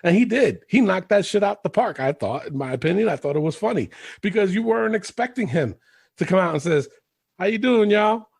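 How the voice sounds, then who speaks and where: A man's voice: high voice, lively intonation, brisk, gravelly, a little mellow, slightly rough. A man co-hosting a podcast in casual chat, rambling, laughing and swearing freely. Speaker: podcast co-host.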